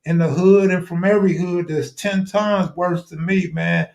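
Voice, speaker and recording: A man's voice: sits high, normal speed, creaky, lo-fi sound. A man making a heated, profane argument in casual live-stream talk. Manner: heated, animated, profane, arguing a point.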